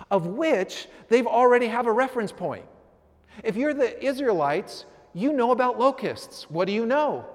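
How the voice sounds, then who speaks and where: Pastor, male, high voice, chatty sermon delivery, long reverb of a church hall. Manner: conversational, acts out voices of listeners.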